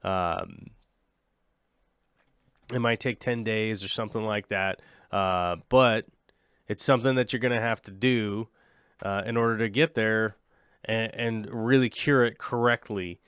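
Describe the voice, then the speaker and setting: A man's voice: lowish voice, fairly even intonation, a little slow, pauses often, a bit bright, smooth, no room sound, studio quality. Rambling jokey man streaming live. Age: late 30s. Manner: rambling, jokey, chats with viewers. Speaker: aquarium livestream host. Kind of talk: casual livestream chat.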